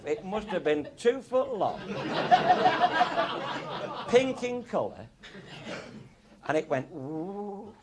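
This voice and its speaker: A man's voice: on the high side, very noisy. A middle-aged man, telling comic stories to a live audience in an earthy, swearing manner and chuckling along. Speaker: raconteur.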